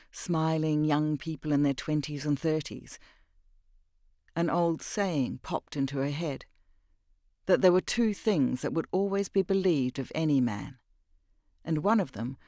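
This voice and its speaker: A man narrating an audiobook in a measured, even storytelling voice on a close mic. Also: on the high side, no echo. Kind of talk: scripted narration.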